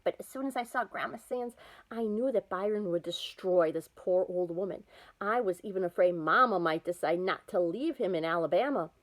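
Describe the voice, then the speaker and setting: A woman reading a children's novel aloud, with lively, expressive storytelling. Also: on the low side, moderate pace, low-quality recording. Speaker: storybook reader.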